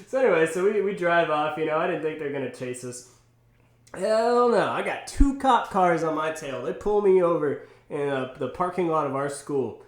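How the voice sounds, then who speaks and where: A young man guest telling a story in a lively, profane way, his voice sitting a touch high and laughing often. The room around him rings with a roomy echo. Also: brisk. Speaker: podcast guest. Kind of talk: casual storytelling.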